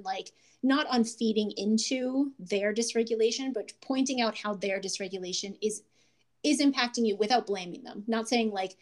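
Lively, laughing woman podcast host. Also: fairly high pitch. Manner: animated, laughs often, acts out voices in quotes. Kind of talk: casual podcast talk.

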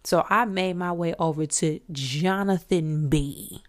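A woman in her forties hosts a casual podcast and tells her stories with lively bursts of emphasis. Her voice sits a little low, and she sounds excitable and animated. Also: takes it slowly. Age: 40s. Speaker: podcast host. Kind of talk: casual storytelling.

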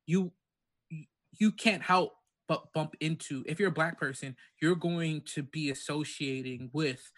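A man's voice: on the high side, a little slow, a bit bright. A man earnestly explaining his view in a casual podcast chat, with fillers.

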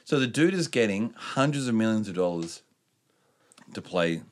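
A man co-hosting a podcast, talking in crude, rambling banter and reading sports news haltingly. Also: on the low side, expressive. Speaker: podcast co-host. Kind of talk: casual sweary podcast banter.

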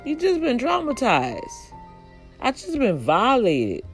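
Animated woman retelling a story. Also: slow, soft background music, rough recording. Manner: animated, acts out quoted voices with big pitch jumps; religious asides. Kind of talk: casual spoken retelling of a story.

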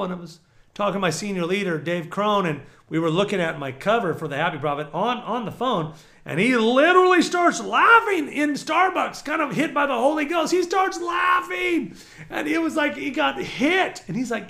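A middle-aged male preacher delivers a sermon in a high, bright voice. He talks with animated energy, jumping from near-shouts to hushed, low asides. A gravelly edge runs through his speech. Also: normal speed.

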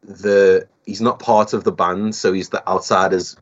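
Low-voiced Liverpool man on a lo-fi line. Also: level tone, a little slow. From Liverpool, England. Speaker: guest musician. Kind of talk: casual podcast chat.

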